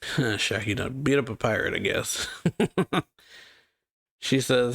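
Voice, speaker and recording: A man's voice: medium pitch, slow pace, vocal fry, pauses often, fairly bright tone, no echo, clean studio sound. Laid-back man retelling a comic. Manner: loose, rambling, with many fillers. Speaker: manga reaction YouTuber. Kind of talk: casual retelling of a comic chapter.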